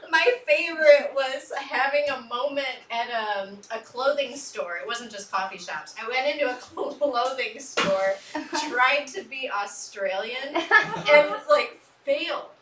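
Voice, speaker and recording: High-voiced woman hosting a comedy show. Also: slow, fairly bright tone. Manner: chatty, giggly storytelling. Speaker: show host. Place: comedy club stage. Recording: echoey, distant club recording with noise.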